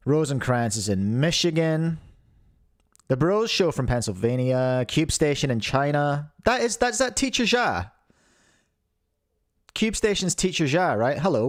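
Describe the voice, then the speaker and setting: A man's voice: mid-range voice, darkish tone. A man with a New Zealand accent hosts a casual live podcast stream, chatting and jokily greeting viewers by name. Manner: chatty, jokey, reads out chat names. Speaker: podcast host.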